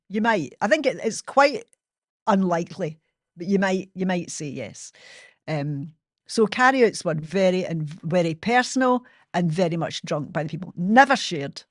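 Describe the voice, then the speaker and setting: A woman's voice: fairly low pitch, lively intonation, normal speed, no room sound. Glaswegian woman, 60s, host telling her own stories; frank, sweary, self-mocking, dry close sound. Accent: Glaswegian Scottish. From Scotland. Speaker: podcast host. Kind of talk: personal storytelling monologue.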